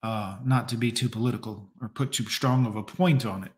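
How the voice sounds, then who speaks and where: A man's voice: on the low side, fairly quick, echoey room. A man giving mocking, sarcastic commentary to his stream chat while reacting to a video.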